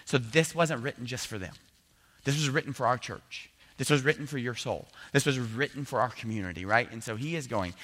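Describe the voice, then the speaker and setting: Male pastor, bright tone, lively conversational sermon, church building, handheld mic. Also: medium pitch, fairly quick. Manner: conversational and animated, voicing quoted doubts.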